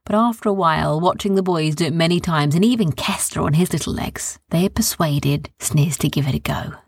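A woman telling a children's bedtime story in a calm, soft, descriptive way. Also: deep voice, a little fast, slightly rough, no room sound, clean studio sound.

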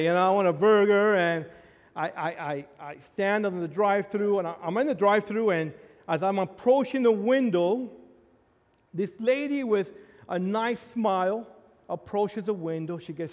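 High-voiced preacher in an echoing hall. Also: male voice, animated, normal speed, highs cut off. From Latino background. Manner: storytelling preacher, builds to emphatic peaks. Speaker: pastor. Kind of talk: sermon. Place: church sanctuary.

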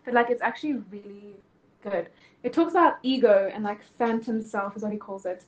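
A woman's voice: mid-range voice, brisk, highs cut off. A young woman, co-hosting a podcast in casual chat, giggly and full of "like" and "you know". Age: late teens. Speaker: podcast co-host.

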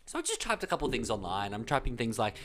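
A man's voice: medium pitch, racing. A man with an Australian accent telling a story in casual chat, acting out the people he quotes. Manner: animated storyteller, acts out voices in quotes.

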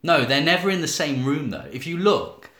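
Lively-voiced man joking along. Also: on the high side, normal speed. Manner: quizzical, joking interjections. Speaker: podcast co-host. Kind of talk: casual comedic chat. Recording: roomy echo.

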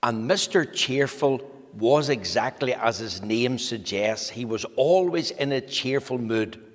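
A man giving a children's talk in church, telling a story slowly and gently to the children. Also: medium pitch, expressive. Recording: long hall reverb.

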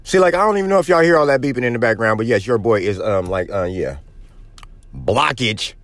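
A hoarse man with a cold hosting a podcast from his car, talking loose, slangy and profane. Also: mid-range voice, expressive, a little fast. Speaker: podcast host. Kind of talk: casual solo podcast talk. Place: in a car on the road.

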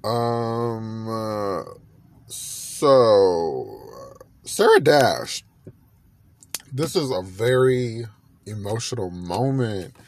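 A man hosting a podcast, chatting in a gushing, animated way and repeating himself often. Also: lowish voice, extremely slow, long pauses. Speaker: podcast host. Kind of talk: casual music gossip chat.

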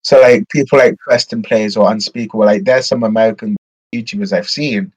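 A man's voice: on the low side, fairly even intonation, a little fast, husky, dry recording, low-quality recording. A young English man co-hosting a casual podcast chat, rambling with lots of fillers and restarts. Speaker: podcast co-host.

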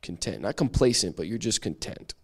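Low-voiced man teaching Bible study. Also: big pitch swings, a little fast, slightly rough. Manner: chatty and self-deprecating, with frequent restarts. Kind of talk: casual church teaching.

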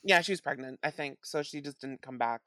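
Woman podcast co-host, low voice, excitable and profane, dry close recording. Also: fairly quick, no room sound. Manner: excitable, laughs often, swears. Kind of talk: casual TV recap chat.

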